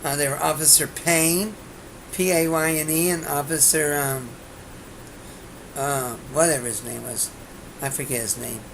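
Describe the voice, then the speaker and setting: A woman's voice: low-pitched, fairly even intonation, a little slow, creaky, pauses often, background noise. A woman hosting her own comedy talk show, rambling through a monologue with brash jokes and many restarts. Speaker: host and comedian.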